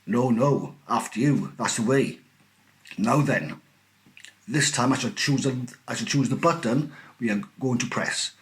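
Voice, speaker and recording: A man voicing a cheerful, eccentric factory owner who talks in brisk, gleeful exclamations. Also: medium pitch, lightly acted. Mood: delighted.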